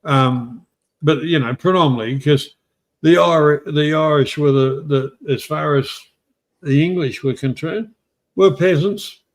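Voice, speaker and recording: An Australian man hosting a casual live-stream chat, halting and stammering through his points, with casual swearing. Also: on the high side. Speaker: stream host.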